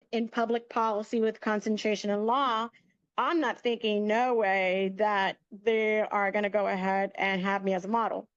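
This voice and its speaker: A woman's voice: fairly high pitch, clear, resonant tone, no echo. Chatty woman with a dry, dull sound. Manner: chatty, animated, acts out quoted dialogue. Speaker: guest, media entrepreneur. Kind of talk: casual storytelling.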